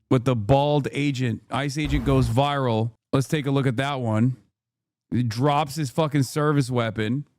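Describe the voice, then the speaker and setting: A man's voice: mid-range voice, darkish tone, no room sound, clean studio sound. A man giving casual political commentary on news clips, blunt and indignant, swearing freely.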